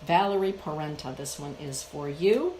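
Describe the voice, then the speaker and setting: A woman giving a live oracle card reading, speaking slowly and emphatically and addressing her viewers by name. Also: low voice, lively intonation, echoey room, very noisy. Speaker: spiritual author and card reader.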